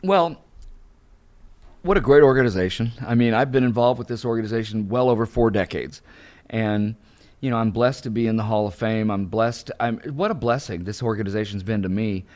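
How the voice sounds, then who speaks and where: A man's voice: on the low side, brisk. An older man, a guest and professional speaker, telling a story in an interview and acting out the dialogue. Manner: animated storyteller, acts out dialogue.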